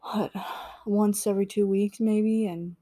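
A young woman co-hosting a casual podcast, laid-back and apologetic, often trailing off softly. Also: medium pitch, steady tone, slow. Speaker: podcast co-host. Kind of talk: casual chat.

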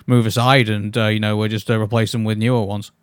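Fast-talking man co-hosting a podcast. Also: lowish voice, flat delivery, no room sound, studio quality. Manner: hesitant, many fillers and restarts. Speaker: podcast co-host. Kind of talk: casual chat.

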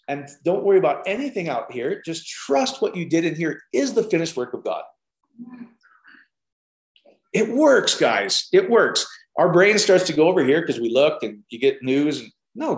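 A man gives an informal sermon in a roomy, echoing space, his voice sitting a little high for a man. He tells stories with lively swings and plenty of casual fillers. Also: a little fast. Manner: animated storytelling with many fillers. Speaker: preacher. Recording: roomy echo.

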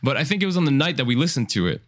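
A man's voice: mid-range voice, sing-song, racing, a bit bright. A man hosting a casual music review podcast, talking loosely with fillers and casual swearing. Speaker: podcast host.

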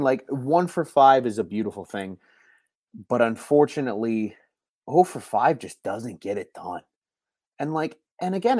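A young man with a mid-range voice hosts a late-night live stream from home, keeping his voice hushed so he won't wake the household. He rambles and repeats himself like a frustrated fan, and the recording has no echo.

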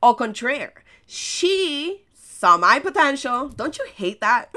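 Taking it slowly in a high, sing-song voice with a bright, forceful tone, a podcast host with an American accent and Spanish as her native language tells stories in a casual motivational monologue. She asks rhetorical questions and laughs at herself along the way.

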